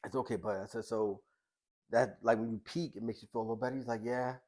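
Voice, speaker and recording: A middle-aged man, a boxing coach and social worker, tells a personal story in a podcast interview. He speaks colloquially and earnestly, often acts out past conversations as quoted dialogue, restarts his sentences and drops to a hushed voice. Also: fairly low pitch, steady tone. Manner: halting with restarts, softening to a hushed voice.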